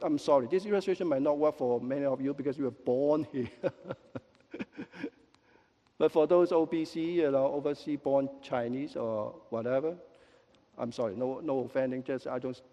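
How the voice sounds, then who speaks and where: Man preaching in an echoey hall. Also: medium pitch. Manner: lively, with joking asides and quick apologies. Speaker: pastor. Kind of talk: sermon. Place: church sanctuary. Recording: long echo of a large hall.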